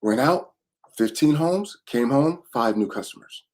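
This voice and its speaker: A male motivational speaker tells a personal story with emphasis, often repeating his key lines. His pitch sits in the middle and swings up and down with lively energy. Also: unhurried.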